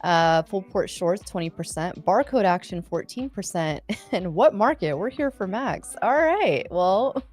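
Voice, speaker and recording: A woman's voice: medium pitch, lively intonation, unhurried, hardly any pauses, a little mellow, soft background music. A woman co-hosting a live trading show, chatting casually in a giggly, easygoing way. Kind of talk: casual chat.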